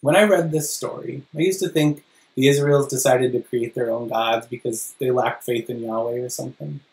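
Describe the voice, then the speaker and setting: A pastor preaching a sermon and reading scripture, with dramatic emphasis and slow, stressed phrases. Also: mid-range voice, fairly even intonation, a little mellow, reverberant, rough recording. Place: church.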